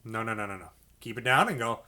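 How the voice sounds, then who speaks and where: A man's voice: fairly low pitch, expressive, fast talker, pushed and bright, faint music behind. A man teaching a beginner clarinet lesson, patient and encouraging, checking in with "okay" and "all right" and singing note syllables to demonstrate. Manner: sings syllables to demonstrate notes. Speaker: music teacher. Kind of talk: instructional video lesson.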